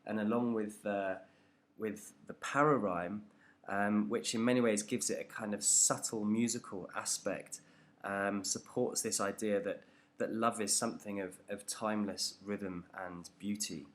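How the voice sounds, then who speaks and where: A man's voice: on the low side, steady tone, measured pace. A man teaching a poetry analysis lesson, talking it through unscripted and hesitant, with many ums and restarts.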